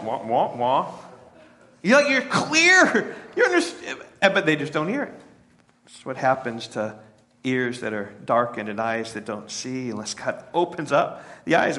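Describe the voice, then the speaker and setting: A man preaching a sermon in a conversational way, often checking in with "right?" and voicing the crowd's lines in a higher, animated tone. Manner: voices the crowd's lines in a raised, animated pitch. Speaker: pastor.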